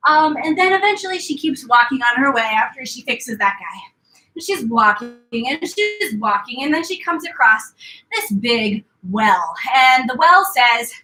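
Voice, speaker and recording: Bright high lady coaching a workout thru a fairy tale, playful, sounds far off in a roomy space. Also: lively intonation, measured pace. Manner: playful storytelling mixed with exercise cues. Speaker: fitness instructor. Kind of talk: story-based workout class cueing. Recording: echoey room, voice from afar.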